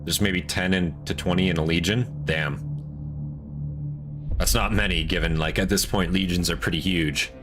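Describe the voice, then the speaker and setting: Excitable, profane male reaction host. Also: low-pitched, moderate pace, music in the background. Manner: excitable, swears and laughs a lot. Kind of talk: casual reaction commentary.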